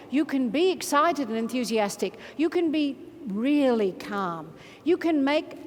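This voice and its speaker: A woman motivational speaker, giving an energetic, playful keynote in a large conference hall and leading the crowd in chants. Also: high-pitched. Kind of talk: keynote speech to a large audience. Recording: reverberant hall from a stage mic.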